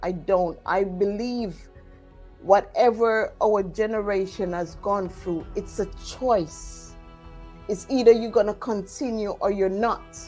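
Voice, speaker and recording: Woman guest, very slow, deliberate, firm. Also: medium pitch, mellow, soft background music. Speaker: podcast guest. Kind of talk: conversational discussion.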